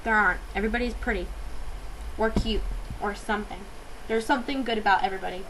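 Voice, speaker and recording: A woman's voice: mid-range voice, steady tone, quick pace, a bit bright, a little hiss or hum, poor audio. A teenage girl ranting into her webcam in a fired-up vlog, with lots of fillers and hesitations. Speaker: vlogger.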